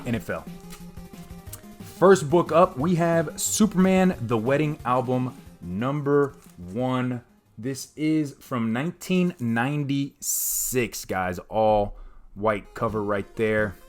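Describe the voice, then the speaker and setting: A man chatting casually to his viewers while unboxing comics and tasting bourbon, often calling them "guys" and filling pauses with fillers. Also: mid-range voice. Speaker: vlogger reviewing comics and bourbon.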